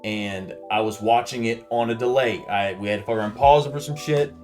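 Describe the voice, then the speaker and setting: Animated, profane man telling a story. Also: medium pitch, brisk, soft background music. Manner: profane, acts out shouted reactions. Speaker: podcast co-host. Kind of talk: casual chat, animated storytelling.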